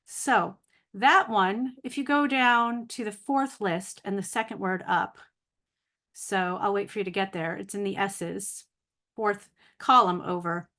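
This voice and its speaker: A woman's voice: medium pitch, unhurried, pushed and bright. A woman giving a casual video lesson on vocabulary, sounding out long words carefully and correcting herself as she goes. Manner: thinking aloud, self-correcting, laughs at own slips. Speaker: language teacher.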